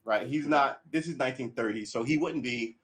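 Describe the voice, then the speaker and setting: A male livestream host with a mid-range, slightly bright voice speaks a little fast while casually commenting on an old movie. He rambles in a chatty way and keeps interrupting himself to correct what he said.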